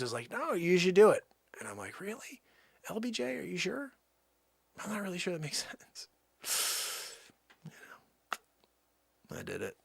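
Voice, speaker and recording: A man playing a shouting, boastful time traveler. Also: fairly high pitch, creaky, dry recording, clean studio sound, full character voice. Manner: rambling, boastful, shouting outbursts. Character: boastful male time traveler claiming famous past lives.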